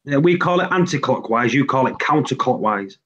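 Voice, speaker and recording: British man, husky voice, lo-fi dull online call audio, reads off word pairs. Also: medium pitch, expressive, a little fast, fairly bright tone. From Britain. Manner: reads out lists of word pairs, laughs often. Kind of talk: casual group chat.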